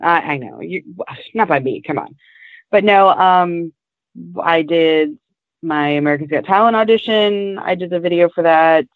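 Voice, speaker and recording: A woman's voice: lowish voice, normal speed, no room sound. A woman co-hosting a podcast in casual chat, eager and bubbly, on a tinny, phone-like recording. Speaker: podcast co-host. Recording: tinny phone-like dry sound.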